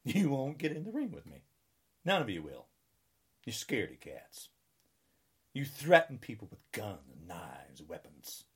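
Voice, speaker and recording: A man in his sixties rants in a combative, taunting way and keeps hammering the same lines. His pitch swings wildly between high and low as he goes. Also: huge pitch swings, a little slow, long pauses, husky. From United States. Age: 60s. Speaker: political ranter. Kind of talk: angry political rant.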